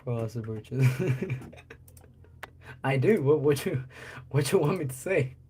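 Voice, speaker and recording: A man's voice: medium pitch, animated, unhurried, mellow, a little hiss or hum. A man talking loosely on a livestream, joking and cursing as he answers chat. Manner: loose and joking, curses a lot, chats with viewers.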